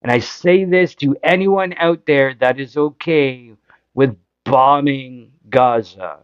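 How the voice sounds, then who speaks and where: A Canadian man hosts a casual political talk show, frustrated and impassioned, firing off rhetorical questions. He speaks slowly at a medium pitch. The recording is dry and a little dull. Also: clean tone, no room sound. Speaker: podcast host.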